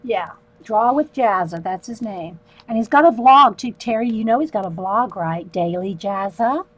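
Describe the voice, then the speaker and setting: A woman's voice: mid-range voice, moderate pace. Chatty woman drawing on a livestream. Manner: chatty and relaxed, talks to viewers while she works, laughs often. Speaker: art livestream host. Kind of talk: casual livestream chat while drawing.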